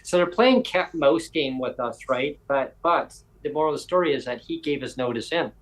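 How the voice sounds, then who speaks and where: A man's voice: fairly high pitch, lively intonation, fairly quick, poor audio. A man hosting a podcast, telling a long story in casual chat and acting out other people's lines in quoted voices. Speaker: podcast host.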